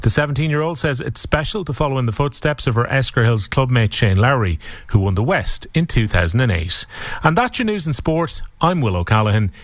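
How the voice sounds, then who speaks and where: A man reading the sports news in a brisk, even way. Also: medium pitch, dry recording. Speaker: sports newsreader. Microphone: studio microphone.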